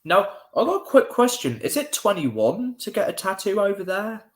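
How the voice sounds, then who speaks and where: Man, lively intonation, chatty, exclaiming, echoey room. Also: sits high, normal speed. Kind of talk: casual chat on a live call.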